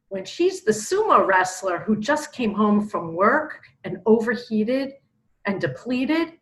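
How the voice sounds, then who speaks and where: A woman, a spiritual teacher, giving a casual spiritual talk with animated, expressive storytelling. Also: medium pitch, takes it slowly, rough recording.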